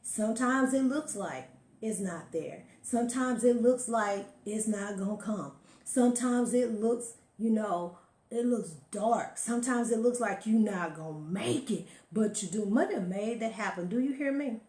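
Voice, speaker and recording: A woman's voice: fairly high pitch, unhurried, warm tone, echoey room. A woman giving an emphatic motivational talk to her viewers, preaching and telling stories, calling listeners honey. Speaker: motivational live-stream host.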